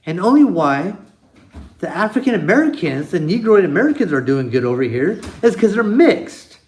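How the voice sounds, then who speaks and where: A man's voice: high voice, sing-song, normal speed, darkish tone. A man hosting his own channel, delivering a blunt, profane opinion rant with plenty of emphasis. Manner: blunt, emphatic, heavy swearing. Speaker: channel host.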